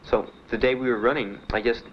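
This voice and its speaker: A young man giving halting, plain spoken testimony as a war veteran, with many pauses and fillers. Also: mid-range voice, fairly even intonation. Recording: muffled 1970s archive recording with faint hiss.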